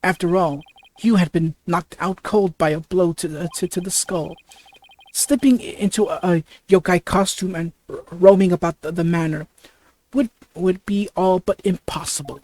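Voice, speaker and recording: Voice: mid-range voice, normal speed, a little mellow, lightly acted. A reader doing a scheming prosecutor. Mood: menacing. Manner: stammers over the lines. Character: cold scheming male prosecutor. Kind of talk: let's play dialogue reading.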